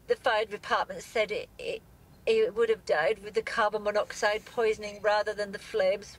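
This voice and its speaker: A grieving woman with an English accent, from England, speaking in a live news interview from a moving car, tearful, halting and breaking off her sentences. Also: a little high, a little hiss or hum, low-quality recording.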